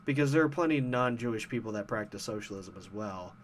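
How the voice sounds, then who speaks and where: A man's voice: fairly low pitch, animated, quick pace, a little hiss or hum. A man hosting a casual commentary show, ranting about online arguments in a profane, sarcastic, heated way. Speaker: host.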